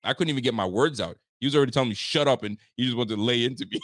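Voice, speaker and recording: A man's voice: medium pitch, rapid-fire, a bit bright, dry recording, studio quality. A man hosting a casual sports talk show, teasing and often laughing. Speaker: podcast host.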